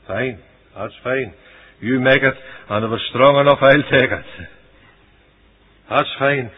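A man preaching a sermon, voicing scripture dramatically and swinging from loud declarations to hushed asides. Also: mid-range voice, slow, long pauses, husky. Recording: dull lo-fi radio recording.

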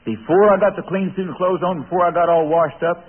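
A man's voice: high voice, steady tone, quick pace, slightly rough. A preacher telling a folksy sermon story, confiding in his listeners with chuckles. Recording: tinny radio broadcast.

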